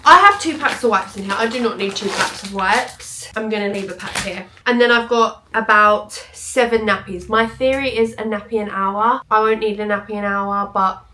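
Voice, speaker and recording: A woman's voice: mid-range voice, normal speed, hardly any pauses, bright, forceful tone. A young woman, a mum, chatting casually to camera in a vlog, self-deprecating and laughing often. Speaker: vlogger and mother. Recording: echoey room, faint background noise.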